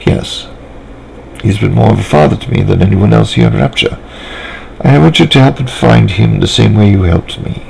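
A man reading a story aloud, voicing a serious young girl who speaks in a measured, formal way. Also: lowish voice, expressive, creaky, a little mellow, a little hiss or hum, rough recording. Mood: composed. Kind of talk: fan fiction reading aloud.

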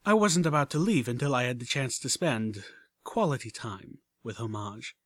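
A man reading a story aloud as an audiobook narrator, measured and even. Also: mid-range voice, no echo, studio quality. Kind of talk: scripted narration.

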